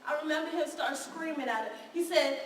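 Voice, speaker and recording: An actress plays a wounded, defiant young woman in a live stage drama. Her voice sits high and bounces around a big echoing hall, picked up from far off. She speaks raw and confrontational. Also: brisk, slight background noise, natural voice. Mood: bitter, haunted. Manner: raw and confrontational, with bursts of bitter laughter. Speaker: stage actor. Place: theater stage. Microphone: distant room mic.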